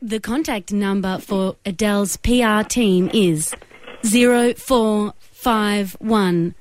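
A woman putting on a flat female automated phone system voice, speaking slowly and stiffly. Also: medium pitch, natural voice. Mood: stilted robotic. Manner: slow, stilted, evenly paced robotic delivery. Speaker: radio prank caller.

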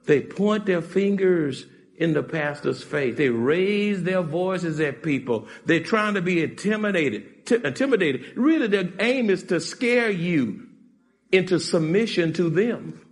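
A man preaching a sermon with a high, lively voice that leaps up and drops down. He moves from shouting to hushed asides and laughs often. His has a sound. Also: measured pace. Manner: animated preaching, swings from shouts to near-whispers, laughs often. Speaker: pastor.

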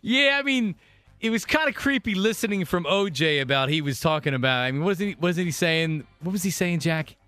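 A man's voice: fairly high pitch, lively intonation, bright, forceful tone, no room sound, faint music behind. A man hosting sports talk radio, chatting casually and often restarting his sentences. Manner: rambling, halting restarts.

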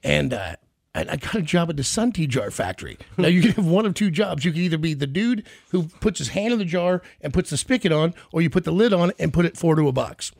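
A middle-aged man from the Kansas City area, hosting a casual chat and telling a story with animated, acted-out quotes. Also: fairly high pitch, fast, vocal fry. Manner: animated storyteller, acts out quoted voices loudly.

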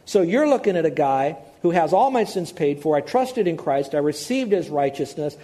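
A man delivers a sermon in a relaxed, conversational way, circling back on key words to stress them. His voice sits a touch higher than usual and sounds mellow and warm. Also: normal speed. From Hawaii. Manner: conversational preaching, repeats key words for emphasis. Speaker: pastor.

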